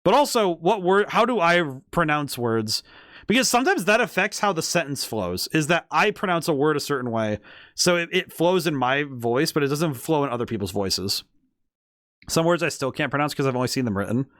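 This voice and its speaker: A man's voice: fairly high pitch, sing-song, fairly quick, fairly bright tone, no echo. A man streaming a game, chatting casually and thinking aloud in a rambling way. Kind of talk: casual gameplay commentary. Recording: game music playing underneath.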